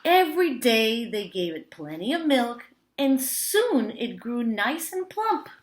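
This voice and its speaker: A woman teacher reading a picture book aloud to young children, with expressive storytelling. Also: on the high side, takes it slowly. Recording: roomy echo.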